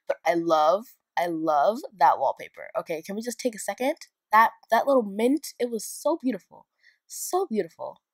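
A young woman who builds video games and runs a YouTube channel gives a relaxed narrated tour of a game build, rambling, chatting and often poking fun at herself. Her pitch is fairly low and there's no room sound.

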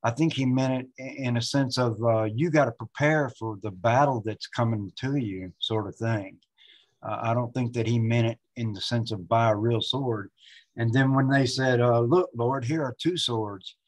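A man's voice: mid-range voice, moderate pace, rough recording. A man in an online class offering a hesitant, apologetic comment full of fillers. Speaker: student.

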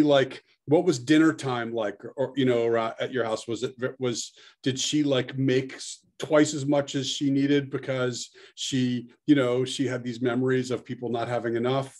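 Rabbi asking long, searching questions. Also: male voice, mid-range voice, a little mellow. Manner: searching, rephrasing questions at length. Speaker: rabbi and interviewer. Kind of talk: conversational interview.

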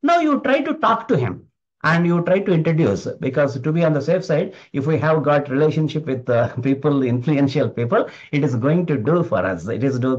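Motivational speaker, man, fairly high voice, emphatic and repetitive. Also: darkish tone. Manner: emphatic, repeats key phrases. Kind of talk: motivational talk. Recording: dull lo-fi recording.

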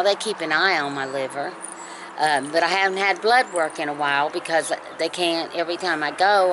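A woman with a low, deep-set voice spins a homey story from her porch, chatty and looping back over her words. She chuckles at her own tale. Steady noise hums under the recording. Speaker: storytelling vlogger. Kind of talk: casual storytelling. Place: home porch.

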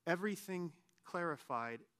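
Male pastor, late 30s, bright high voice, casual animated sermon delivery. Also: normal speed. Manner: animated, conversational, self-deprecating humor.

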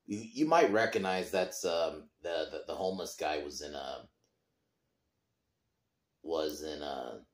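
A very deep-voiced podcast host talks casually about a film, expressive and at a measured pace, pausing often. He rambles, swears loosely, and keeps restarting and trailing off, in an echoey room.

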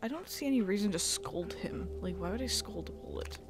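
A woman's voice: mid-range voice, lively intonation, a little fast, noisy background. Female gaming host: casual rambling play commentary, mid-range voice, swears at the game.

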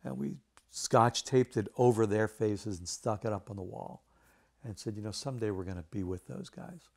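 A man spins a casual anecdote in an interview, his voice sitting a bit low. He keeps the story lively by acting out what each person said. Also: moderate pace, creaky. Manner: animated anecdote telling with quoted voices. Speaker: video game artist.

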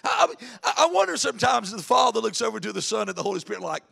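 A male pastor preaching a sermon. He swings between loud, emphatic points and quiet asides, and tells personal stories in a chatty, self-mocking way. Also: high voice, sing-song, quick pace, gravelly, breathy edge.

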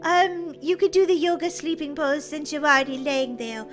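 A woman role-playing in a game, excitable and dramatic, giggling and crying out in playful panic. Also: high voice, normal speed, faint music behind.

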